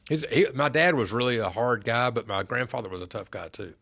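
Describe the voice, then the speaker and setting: A middle-aged man, a podcast guest, telling family stories in an earnest, unhurried way. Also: medium pitch, lively intonation, vocal fry, a bit bright. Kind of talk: casual storytelling interview.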